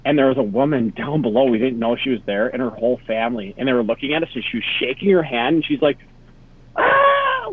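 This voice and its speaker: A young man from Wisconsin, a podcast guest telling travel stories in a laid-back, rambling way over a video call. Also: medium pitch. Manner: laid-back, lots of "like" and trailing asides. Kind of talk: casual storytelling. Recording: tinny phone-like call audio.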